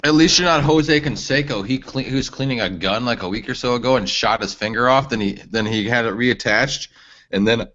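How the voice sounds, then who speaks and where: A man co-hosting a podcast, chiming in with quick casual comments. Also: mid-range voice, fairly bright tone, highs cut off. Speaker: podcast co-host. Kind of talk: casual chat.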